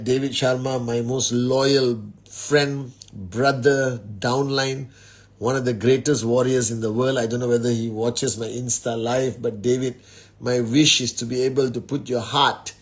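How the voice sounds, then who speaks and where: A middle-aged man hosting a casual livestream from home at night, greeting viewers by name in many languages. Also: mid-range voice. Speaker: live stream host.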